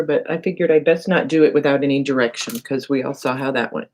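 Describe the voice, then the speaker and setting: During a casual live crafting demo, a woman who runs a crafting channel chats with viewers, jokes at her own expense and thinks out loud as she works. Her voice sits low and moves quickly with few pauses, over a rough recording with steady background noise and clicks.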